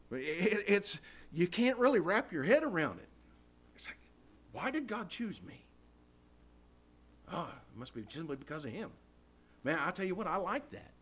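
A Baptist preacher giving an informal Bible study sermon in a folksy, animated way, often saying "man, I tell you what.". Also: on the high side, husky.

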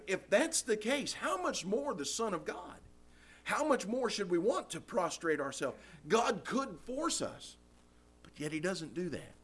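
Animated high-voiced preacher man. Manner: animated, folksy preaching with scripture quotations. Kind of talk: sermon.

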